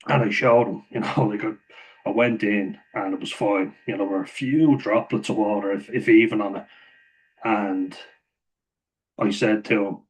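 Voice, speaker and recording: A man's voice: lowish voice, steady tone, normal speed, long pauses, rough recording. A man telling a rambling story to camera, swearing freely and laughing often mid-sentence. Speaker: vlogger.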